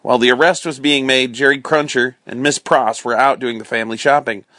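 Calm man reading a bedtime story. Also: mid-range voice, a little fast, no room sound, studio quality. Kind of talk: storybook read-aloud.

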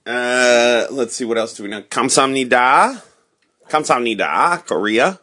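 A woman's voice: rumbling low, lively intonation, unhurried, fairly bright tone. A woman playfully hosting a mock morning radio show with a child, coaxing and teacherly.

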